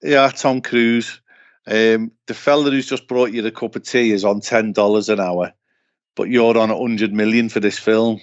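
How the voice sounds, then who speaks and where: A man's voice: on the low side, normal speed, dry recording, highs cut off. A man co-hosting a casual podcast chat, blunt and sweary as he tells stories. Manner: blunt, sweary, animated storyteller. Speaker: podcast co-host.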